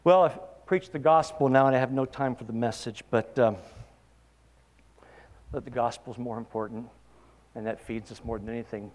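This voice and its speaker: A man's voice: mid-range voice, a little mellow, big-room sound. A man preaching a sermon, asking his listeners pointed questions and building to emphatic peaks. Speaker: pastor.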